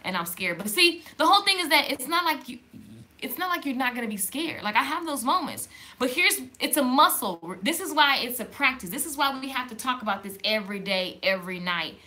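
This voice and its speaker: Bright, high-voiced woman live-streaming faith talk. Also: brisk. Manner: lively and conversational, reading viewer comments aloud. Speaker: livestream host. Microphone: camera in front of her.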